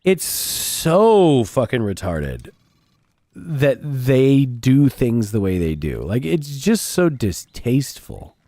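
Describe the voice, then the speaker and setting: A man's voice: mid-range voice, sing-song, takes it slowly, mellow, dry recording, clean studio sound. A man streaming a game and chatting casually with viewers in a blunt, profane, rambling way. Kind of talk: casual chat while gaming.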